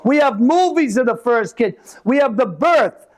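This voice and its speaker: Man, high voice, stand-up comic, animated storytelling, middle-aged. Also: normal speed. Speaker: stand-up comedian. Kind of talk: live stand-up comedy. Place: live venue with an audience.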